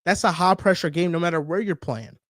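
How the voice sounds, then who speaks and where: A man hosting a casual sports debate show, talking in an animated, teasing, emphatic way. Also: high-pitched, fairly quick, no echo, clean studio sound. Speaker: sports talk show host.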